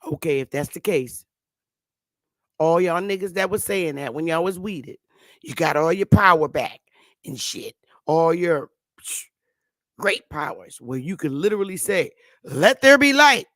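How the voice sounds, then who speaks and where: A man's voice: on the high side, measured pace, pauses often, fairly bright tone, no echo, studio quality. A man hosting his own online show, ranting casually to viewers in a loose, mocking, slangy way, full of asides and restarts.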